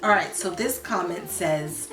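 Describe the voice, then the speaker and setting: A woman's voice: on the low side, measured pace, soft background music. Chatty woman vlogger in an echoey room. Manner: animated, slangy, talks to viewers, bursts of excitement. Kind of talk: casual vlog, practicing Spanish words.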